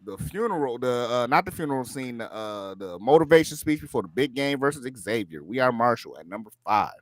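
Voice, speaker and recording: A man's voice: mid-range voice, sing-song, brisk, no room sound. A man appearing as a guest on a podcast, chatting casually and joking as he counts down his list on a new microphone.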